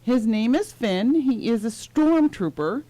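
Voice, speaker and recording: Woman with a lively, swooping voice. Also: fairly high pitch, a little slow, no echo. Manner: relaxed, laughing, lively ups and downs. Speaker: radio co-host. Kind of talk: casual radio chat.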